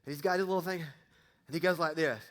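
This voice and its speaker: Preaching in a church sanctuary, a middle-aged pastor speaks on the high side at a brisk pace, his tone a bit bright. His sermon is casual and folksy, with jokes aimed at the congregation, all wrapped in long hall reverb.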